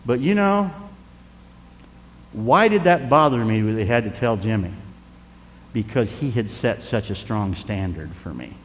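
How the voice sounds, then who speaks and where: A man in his sixties preaching a sermon, telling a personal story with animated delivery that drops to a hush at tender moments. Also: fairly low pitch, unhurried, long pauses, long reverb tail, slight background noise. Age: 60s. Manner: animated, drops to hushed tones for emotional moments.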